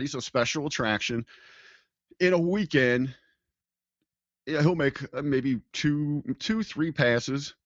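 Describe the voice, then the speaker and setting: A man's voice: mid-range voice, fairly bright tone, no room sound, highs cut off. A man co-hosting a podcast, telling stories in casual chat with many fillers and restarts. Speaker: podcast co-host.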